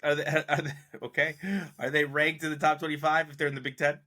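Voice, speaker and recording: Man, sports podcast co-host, skeptical, needling, bright forceful voice, casual debate. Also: a little high, level tone, quick pace. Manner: skeptical, needling, laughs often.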